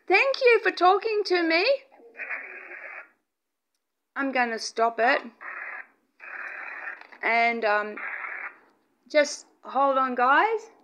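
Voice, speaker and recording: A woman investigating paranormal activity, talking softly to spirits in a hushed, breathless way. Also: high voice, sing-song, very slow, long pauses, slight background noise. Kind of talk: ghost-hunting vlog narration.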